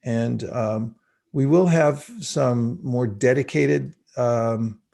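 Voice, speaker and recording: A man teaching an online spiritual class by video call, speaking reflectively and slowly chanting mantras for listeners to repeat. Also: mid-range voice, vocal fry, warm tone.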